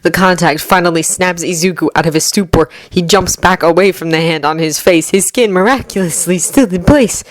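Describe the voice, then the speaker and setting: A woman narrating a fanfiction audiobook with steady, measured storytelling. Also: on the low side, no room sound. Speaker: fanfiction reader.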